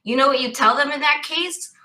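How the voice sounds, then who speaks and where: A woman's voice: high-pitched, brisk, sharp tone, low-quality recording. A woman talking as a cyber risk expert guest, thoughtful and full of restarts. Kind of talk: casual interview talk.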